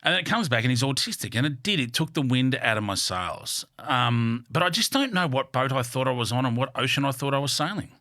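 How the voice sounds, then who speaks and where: A man with an Australian accent tells candid, animated stories as a studio interview guest. His voice is bright and forceful, and he speaks bluntly with plenty of swearing. The sound is dry and close, with no room echo. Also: medium pitch, fairly quick, hardly any pauses. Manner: blunt, swears freely, animated with vivid metaphors. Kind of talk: candid storytelling in a podcast interview.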